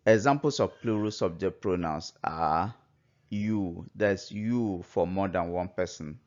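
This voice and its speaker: A man's voice: low-pitched, measured pace. A man teaching a language lesson, patiently explaining and repeating each phrase. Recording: dull lo-fi recording.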